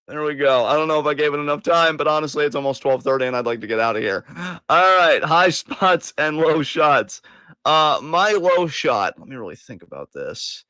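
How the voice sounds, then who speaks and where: A man's voice: fairly high pitch, animated, moderate pace, bright, forceful tone, dry recording. A man hosting a casual podcast chat, joking, laughing and swearing casually. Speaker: host.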